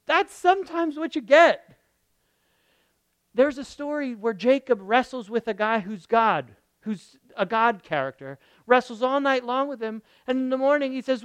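A man preaching a sermon in a lively, conversational way, reading scripture aloud and asking the congregation rhetorical questions. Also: very high voice, unhurried, smooth, no echo. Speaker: pastor.

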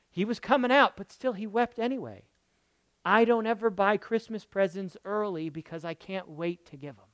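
A pastor preaching a sermon emphatically, repeating key phrases and swinging between loud bursts and soft murmurs. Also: mid-range voice, clear, resonant tone, dry recording.

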